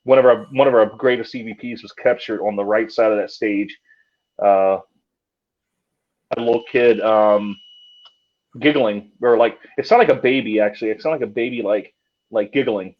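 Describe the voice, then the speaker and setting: A man's voice: on the low side, normal speed. A man, a paranormal investigator, telling a story casually, with many fillers and restarts. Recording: dull lo-fi sound.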